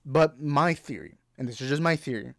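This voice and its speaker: A man's voice: medium pitch, normal speed, gravelly, fairly bright tone, no room sound, clean studio sound. A young adult man hosting a movie talk show, ranting bluntly and profanely in exasperation. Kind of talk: heated ranting commentary.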